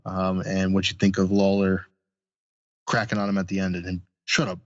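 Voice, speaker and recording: A man's voice: deep voice, monotone, normal speed, dry recording, muffled recording. A man co-hosting a podcast, recapping in a laid-back, chuckling way. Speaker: podcast co-host. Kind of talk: casual chat.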